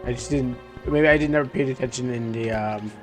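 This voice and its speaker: A man's voice: medium pitch, a little fast, over music. A man streaming a game live, chatting and commenting with many restarts.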